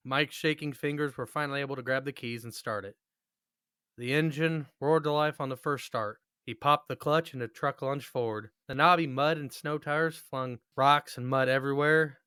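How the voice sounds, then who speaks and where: A man's voice: mid-range voice, pushed and bright, clear, resonant tone, no room sound, studio quality. A man co-hosting a podcast, telling a story in a crude, joking way with plenty of swearing. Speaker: podcast co-host. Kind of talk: casual storytelling chat.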